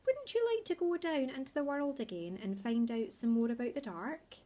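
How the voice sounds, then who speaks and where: A woman's voice: high-pitched, lively intonation, normal speed, voice pushed up. Woman doing a weary, firm mother owl. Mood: motherly. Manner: gentle but firm, motherly. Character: tired, patient mother barn owl.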